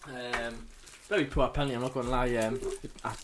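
A man's voice: medium pitch, fairly even intonation, fairly quick, a bit bright, slight background noise. A man co-hosting a football fan radio show, tossing in dry, teasing remarks. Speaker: radio co-host.

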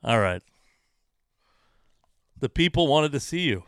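A man in the middle of a frustrated, swear-filled ramble, hosting his own podcast from home. His voice is smooth and resonant at an ordinary pitch. It is recorded close to the mic in a dry room with no echo. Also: big pitch swings, slow pace, fairly bright tone. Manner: exasperated, profane, rambling. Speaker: comedian and podcast host. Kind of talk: casual self-deprecating monologue.

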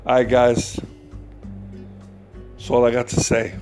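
A man's voice: medium pitch, monotone, slow, a little mellow, soft background music. A man hosting a podcast and telling a personal story in a casual, slangy, self-mocking way, often breaking into laughter. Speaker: podcast host.

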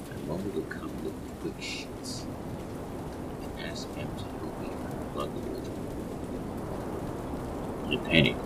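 A man narrating a scripted horror story in a low, hushed delivery. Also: heavy background noise. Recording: distant mic under loud rain and thunder.

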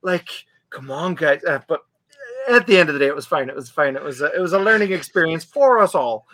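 A young man in casual chat, telling a story with animated asides and acting out what he said back then. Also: a little high, a little fast. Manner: animated storyteller, acts out his own past lines. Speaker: podcast guest.

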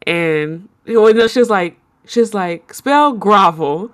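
A woman's voice: mid-range voice, a little slow, clean tone. Teasing woman in casual chat. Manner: teasing, laughing storyteller.

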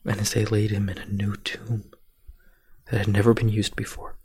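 Husky, hushed male preacher telling a story. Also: fairly low pitch, little pitch movement, moderate pace. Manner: hushed, often whispering for drama. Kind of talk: sermon storytelling.

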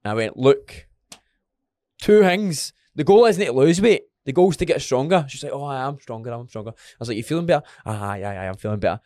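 Scottish male personal trainer, podcast co-host; blunt, anecdotal, mid pitch, dry and intimate recording. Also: lively intonation, brisk, darkish tone, dry recording. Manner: blunt, retells client talks with quoted voices. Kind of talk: casual podcast chat.

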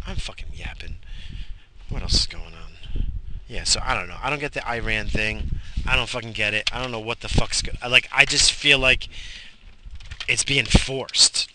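A man's voice: mid-range voice, background noise. A tired man, a father, rambling and swearing as he talks to himself in a casual vlog. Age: adult with a child. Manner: profane, rambling, muttering to himself. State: exhausted. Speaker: vlogger.

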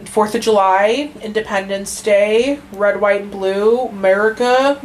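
A woman's voice: medium pitch, a little slow, a little hiss or hum, poor audio. Profane, rambling woman podcast host. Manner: profane, rambling, lots of fillers. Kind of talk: casual true-crime podcast chat.

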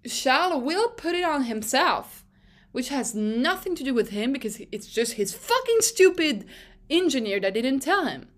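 Animated, opinionated young woman podcaster. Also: high voice, moderate pace. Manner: animated, opinionated, swears freely. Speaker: podcast host. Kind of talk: casual solo podcast monologue.

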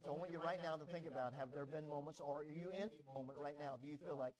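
A male pastor delivers a sermon in a fairly high voice. He moves from hushed, low stretches to loud, pleading peaks and repeats words as he presses his point. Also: steady tone, fast, hardly any pauses, a crowd in the background, poor audio. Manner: emphatic preaching, swings from low and quiet to loud and pleading; repeats words when stirred.

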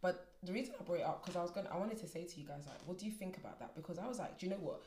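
Co-host, woman, brisk chatty storyteller with a slightly low voice. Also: over a noisy crowd. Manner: animated storyteller, acts out quotes. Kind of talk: casual group chat.

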